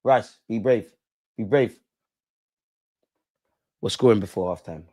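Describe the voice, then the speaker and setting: A man's voice: on the low side, takes it slowly, dark tone. A man reacting live to a football match, emotional and slangy. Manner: emotional, talks at players and referee on screen; casual slangy speech with swearing. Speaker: football watch-along host.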